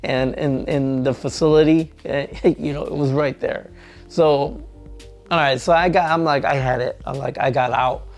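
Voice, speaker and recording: A man who trains truck drivers tells a story in a casual vlog, acting out both sides of an argument with lively energy. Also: mid-range voice, normal speed, faint music behind.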